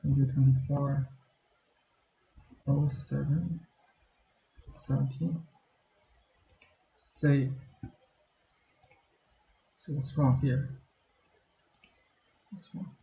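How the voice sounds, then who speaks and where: A tired, frustrated man with a Chinese accent mutters to himself in a slow, dark, flat voice. He talks unhurriedly while he works through a casual vlog. The voice sits in an echoey room. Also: mid-range voice, gravelly. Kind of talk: casual screen-recording vlog.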